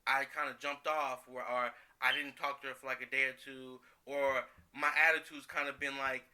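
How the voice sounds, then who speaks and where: A man's voice: medium pitch, level tone, moderate pace, pushed and bright. A man co-hosting a casual podcast, speaking in an earnest, reflective way and repeating words as he thinks aloud. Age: adult parent. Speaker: podcast co-host.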